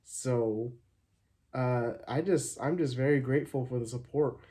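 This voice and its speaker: A man chatting straight to his viewers in a loose, rambling way, full of ums and restarts. His voice is mellow and soft-edged, sitting at an ordinary middle pitch. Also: a little slow. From Arizona, USA. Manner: rambling, upbeat, many fillers and restarts. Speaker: channel host. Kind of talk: casual thank-you vlog.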